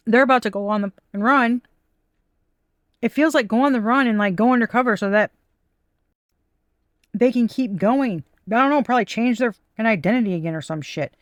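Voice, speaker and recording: A woman's voice: fairly high pitch, animated, normal speed, pauses often, no echo, studio quality. A woman giving a casual tarot reading, blunt and profane, with frustrated asides to her viewers. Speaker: tarot reader.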